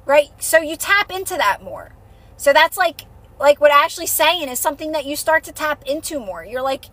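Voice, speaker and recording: Young woman streamer, bright and lively tone, casual and encouraging, lots of fillers. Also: sits high, moderate pace. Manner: chatty, reassuring, many fillers and repeats. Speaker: livestream host, manifestation coach. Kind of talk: casual livestream chat to viewers.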